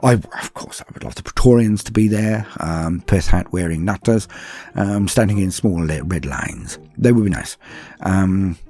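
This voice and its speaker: A man's voice: low-pitched, moderate pace, warm tone. A British man from London hosting a casual podcast, answering patron questions in a chatty, self-deprecating way with frequent ums and asides. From London, England. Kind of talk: casual Q&A chat.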